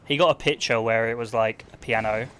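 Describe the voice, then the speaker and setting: Rambling young male streamer, mid-pitched. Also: fairly even intonation, brisk, a bit bright, slight background noise. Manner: rambling, offhand, peppered with "like" and swearing. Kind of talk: casual livestream chat while gaming.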